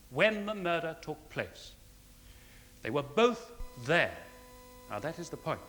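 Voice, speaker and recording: An actor playing a prosecuting barrister delivering a formal, rhetorical closing speech to a jury in a 1970s television courtroom drama. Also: male voice, on the high side, fairly bright tone, big-room sound. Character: measured male barrister giving closing speech. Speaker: prosecuting counsel.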